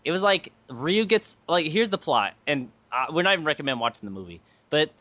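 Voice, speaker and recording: An excitable young man chats on a homemade podcast, his voice bright and full of swings. The sound is dry and a bit dull, like a cheap mic. He jokes, swears and laughs easily. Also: on the high side, brisk, no room sound. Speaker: podcast co-host. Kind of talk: casual chat.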